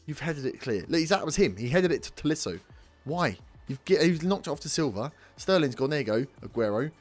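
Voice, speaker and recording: A man's voice: on the high side, big pitch swings, a little fast, faint music behind. A young man commentating his football management game, scolding his players and swearing in frustration. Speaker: let's play host. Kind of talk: gaming commentary.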